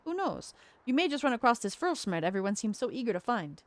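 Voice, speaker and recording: A woman voicing a gruff, impatient male dock foreman who talks in salty, blunt sailor phrasing. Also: on the high side, very animated, fast, dry recording, pitched above the performer's own voice. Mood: brusque.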